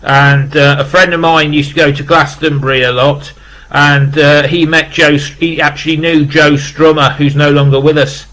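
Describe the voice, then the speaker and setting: A man's voice: fairly high pitch, flat delivery, normal speed, pushed and bright, low-quality recording. A British man in his fifties chatting casually in an unboxing vlog, rambling with lots of fillers, emotional and close to tears. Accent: British English. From England. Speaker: vlogger.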